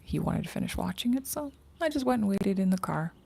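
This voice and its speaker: A woman's voice: mid-range voice, expressive, fairly quick, gravelly, mellow, slightly rough. A woman hosting a casual livestream outdoors, rambling and chatty, often dropping into whispered asides. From Canada. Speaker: livestream host. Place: outdoors in morning sun.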